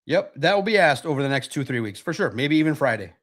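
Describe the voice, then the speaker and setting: A middle-aged man hosting a casual sports livestream, answering chat questions in a rambling way and often repeating himself as he thinks out loud. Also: fairly high pitch, lively intonation, fast. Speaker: sports podcast host reading chat questions.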